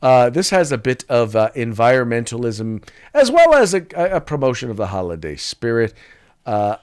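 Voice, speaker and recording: A man's voice: medium pitch, big pitch swings, moderate pace, a little mellow, clear, resonant tone. A man hosting a political talk podcast, chatting casually with many restarts and fillers and reading sponsor spots. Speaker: podcast host.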